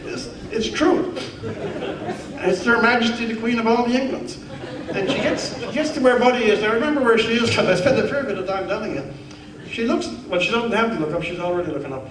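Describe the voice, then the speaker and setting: Speaking fairly quickly, this Newfoundland man delivers a funny, story-driven keynote in a big conference hall, his high voice animated and wry before turning to earnest rhetoric. The recording is distant and echoey, with crowd noise.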